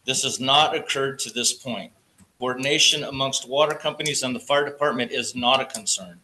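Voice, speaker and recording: A man's voice: mid-range voice, moderate pace, bright, forceful tone, poor audio. A man reading a prepared statement at a public meeting. He says he gets nervous and stutters. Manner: nervous, stutters, reads carefully. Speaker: public commenter, water company representative. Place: council chamber.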